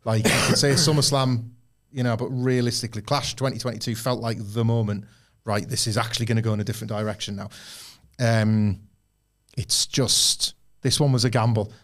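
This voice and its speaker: A man's voice: medium pitch, steady tone, a little fast, a bit bright. A man co-hosting a wrestling podcast, talking in a loose, rambling way, breaking off mid-thought and acting out quoted lines. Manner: rambling, self-interrupting, acts out quotes. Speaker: podcast co-host. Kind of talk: casual podcast chat.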